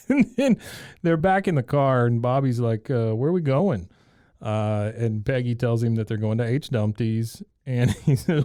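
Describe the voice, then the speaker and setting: A man's voice: medium pitch, normal speed, darkish tone, smooth, no echo, studio quality. A man co-hosting a podcast, recapping a cartoon episode in casual chat, laughing often and acting out characters' lines in raised voices. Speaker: podcast co-host.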